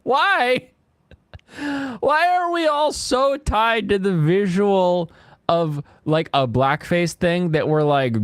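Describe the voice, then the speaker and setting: Animated, ranting male streamer. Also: high-pitched, slow, clean tone, no echo, clean studio sound. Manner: animated, ranting, laughs often. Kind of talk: casual gaming stream chat.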